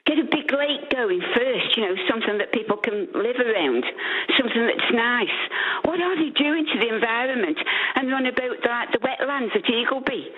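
An older woman with an Italian accent speaks passionately and indignantly as a caller to talkback radio. Her voice is husky and sits a little high. She comes through a tinny phone line. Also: animated, normal speed.

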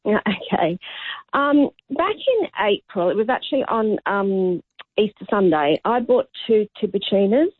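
A woman's voice: medium pitch, sing-song, measured pace, breathy edge, no room sound. A woman calling a radio show, chatting in detail about her plants. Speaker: caller. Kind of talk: phone-in call. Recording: tinny phone line.

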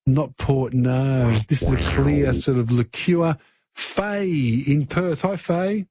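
Chatty radio quiz host. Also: male voice, medium pitch, takes it slowly, warm tone, dull audio. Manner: chatty, encouraging, prompts callers with hints.

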